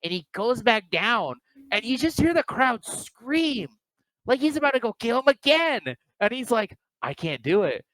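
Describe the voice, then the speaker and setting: A man co-hosting a casual wrestling review, talking excitedly and acting out wrestlers' lines. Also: very high voice, normal speed, no room sound, rough recording. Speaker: podcast co-host.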